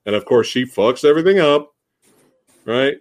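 A man hosting a podcast, chatting casually and excitedly about a movie, swearing freely and restarting his sentences. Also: medium pitch, normal speed. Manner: excited, profane, lots of fillers and restarts. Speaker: podcast host. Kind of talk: casual chat.

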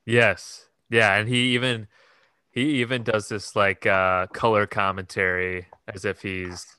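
A young man with a very low yet bright, crisp voice, talking through a film in a relaxed, halting way. He is recorded dry and close, with no room sound behind him. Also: no room sound. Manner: hesitant, many fillers and restarts. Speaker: podcast co-host. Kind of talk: casual film chat.

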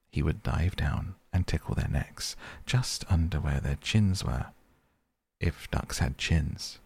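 Deep, gravelly bedtime storyteller, a man. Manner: slow, gentle storytelling. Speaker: podcast host and reader. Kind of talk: bedtime audiobook reading.

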